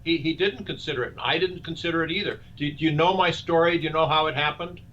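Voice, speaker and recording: Older man, earnest and bright-toned. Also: a little high, fast talker. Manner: earnest, speechmaking, rhetorical questions. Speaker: guest, presidential candidate. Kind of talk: live interview. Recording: dull lo-fi sound with faint noise.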